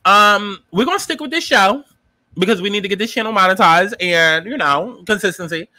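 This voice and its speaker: This TV episode recap comes from a man with a high-sitting voice and a brisk pace, who reviews it casually and profanely, full of sass as he performs his reactions. No room sound is audible.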